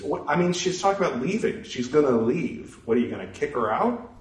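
A man's voice: on the high side, very animated, brisk. A man reading a religious text aloud, speaking punctuation marks and stopping for casual musing asides. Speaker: scripture reader. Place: room at home. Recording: echoey room, mic far off.

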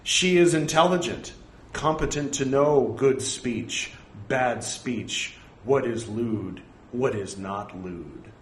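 A man's voice: medium pitch, takes it slowly. A man reciting scripture aloud, reading out the punctuation and breaking off for joking, apologetic asides. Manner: reads punctuation aloud, wry self-mocking asides. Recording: echoey room with faint ambient noise.

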